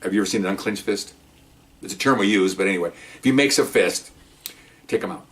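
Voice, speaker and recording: Fast-talking low-voiced man telling stories. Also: recorded from a distance. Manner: animated storytelling, acting out quotes, chuckling. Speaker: retired police officer telling stories. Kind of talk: casual storytelling monologue.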